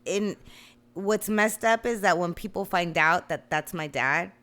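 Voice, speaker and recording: A woman telling profane, animated stories in casual chat. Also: on the low side, a little slow. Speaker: guest.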